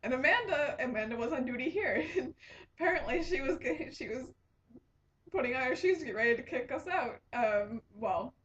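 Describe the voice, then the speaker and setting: A woman's voice: high voice, animated, brisk, a bit bright, slight background noise. A young woman hosting a casual knitting podcast, telling a rambling story with lots of giggles and restarts. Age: young adult. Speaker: podcast host and resident assistant. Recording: dull lo-fi home recording.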